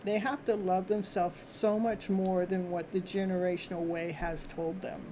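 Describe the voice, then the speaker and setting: A woman hosting a live tarot reading, chatty and reassuring, often clearing her throat and laughing as she talks. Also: on the low side, little pitch movement, moderate pace, mellow, slight background noise. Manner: repetitive, reassuring phrasing. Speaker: tarot reader and host.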